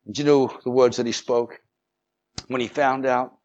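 A man preaching a sermon, moving from measured storytelling to fervent, rising proclamation with calls of hallelujah. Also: medium pitch, level tone, darkish tone, dull audio.

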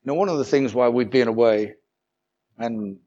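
A man preaching a sermon, moving from measured storytelling to fervent, rising proclamation with calls of hallelujah. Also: medium pitch, warm tone, highs cut off.

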